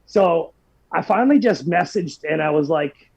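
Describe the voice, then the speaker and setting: A man in his forties telling his own story as a podcast guest, earnest and heartfelt, with a gravelly voice. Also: on the high side, animated, normal speed, a little mellow, no room sound, highs cut off. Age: 40s. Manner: earnest, heartfelt, many restarts. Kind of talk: personal storytelling.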